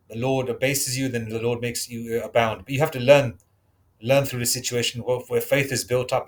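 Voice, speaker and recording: Man, preacher, casual Bible teaching, street slang, rambling, mid-range voice. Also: medium pitch.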